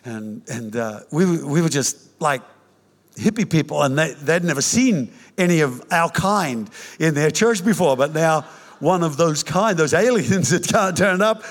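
An older man preaching a sermon, telling his own conversion story in an animated, joking way with many restarts. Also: a little high, a little slow. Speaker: pastor. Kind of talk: sermon with personal testimony. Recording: reverberant hall.

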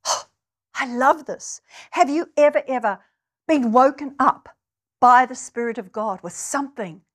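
A woman's voice: high-pitched, measured pace. A woman from New Zealand preaching a sermon, earnest, and building to emphatic, stirring passages. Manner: earnest, rises to emphatic exclamations.

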